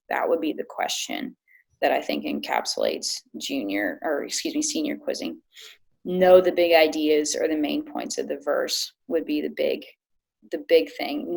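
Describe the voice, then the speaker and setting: Low gravelly-voiced woman coach. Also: a little mellow, rough recording. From Illinois. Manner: explains step by step, thoughtful. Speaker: quiz coach guest. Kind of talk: casual podcast chat.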